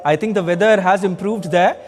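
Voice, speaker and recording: A man's voice: high voice, faint music behind. A male news anchor with an Indian English accent, hosting a live broadcast and handing over to a field reporter. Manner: quick, with fillers when questioning.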